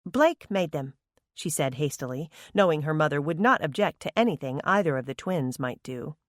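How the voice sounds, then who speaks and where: Lively low-voiced woman narrator. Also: brisk, no room sound, studio quality. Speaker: audiobook narrator. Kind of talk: scripted narration.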